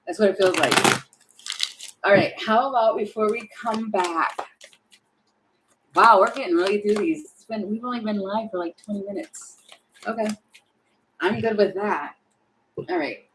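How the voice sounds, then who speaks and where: A woman talking her way through a live tarot reading, chatty and thinking aloud, exasperated at times and slipping into quick acted-out voices. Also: mid-range voice, expressive, a little hiss or hum, rough recording. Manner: exasperated about the energy. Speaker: tarot reader.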